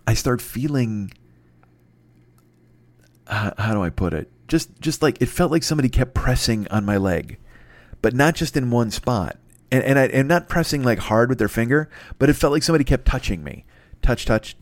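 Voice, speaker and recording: A middle-aged man with a low voice tells a long story on a podcast, swearing freely and getting worked up as he goes. The sound is dry and close, with no room around him. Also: dry recording. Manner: profane, rambling, excitable. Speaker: podcast host. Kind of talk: casual storytelling.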